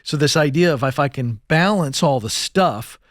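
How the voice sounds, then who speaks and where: A man co-hosting a call-in advice show, explaining things in a calm, measured way. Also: on the high side, dry recording, studio quality. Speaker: co-host. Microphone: studio microphone.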